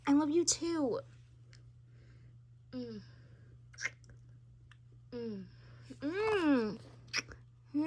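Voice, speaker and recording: A woman's voice: sits high, lively intonation, very slow, pauses often, fairly bright tone. A woman telling a homemade family role-play, switching between character voices for each family member. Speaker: storyteller voicing all characters.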